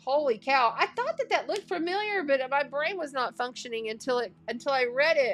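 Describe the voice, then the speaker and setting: A woman reading tarot cards in a casual, chatty way, getting excited and thinking out loud as she talks. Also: high-pitched, brisk, hardly any pauses, faint music behind. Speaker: astrology and tarot reader.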